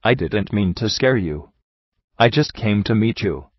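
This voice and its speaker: A man reading the lines of a patient old male mentor, speaking softly and calmly as if close to a listener's ear. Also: fairly low pitch, measured pace, slightly rough, dry recording. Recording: slightly muffled lo-fi recording.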